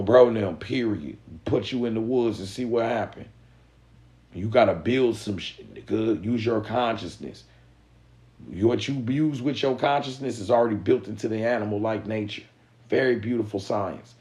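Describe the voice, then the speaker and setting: A man's voice: lowish voice, a little mellow. A man hosting a live stream, talking in a casual, profane, emphatic way, full of street slang and repeated catchphrases. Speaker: livestream host.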